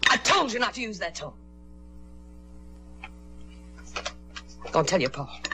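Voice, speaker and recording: An actress playing a nagging middle-aged aunt in a 1950s television drama, falsely sweet and needling. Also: female voice, mid-range voice, sing-song, fast, sharp tone, soft background music. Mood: threatening.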